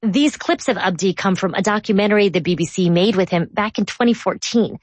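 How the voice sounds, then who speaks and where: A woman hosting a news podcast, narrating a scripted story in a measured, clear way and interviewing a guest. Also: mid-range voice, dry recording. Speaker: host.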